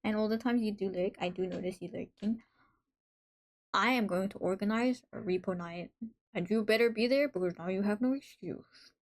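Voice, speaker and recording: A woman's voice: medium pitch, normal speed. Chatty woman streamer reacting to chat. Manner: reads chat messages aloud and reacts, playful and chatty. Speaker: livestream host. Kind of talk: casual live-stream chat.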